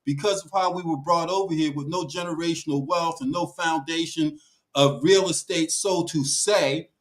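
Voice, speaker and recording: A man's voice: fairly high pitch, moderate pace, rough recording. A man speaking emphatically on a talk show panel, with a preaching cadence that rises and falls.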